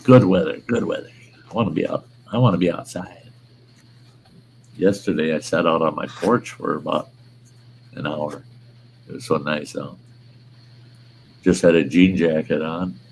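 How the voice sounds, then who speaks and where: A man's voice: extremely low pitch, measured pace, vocal fry, pauses often, slight background noise, rough recording. An older man hosting a casual livestream chat, telling stories in a blunt, profane way. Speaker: host.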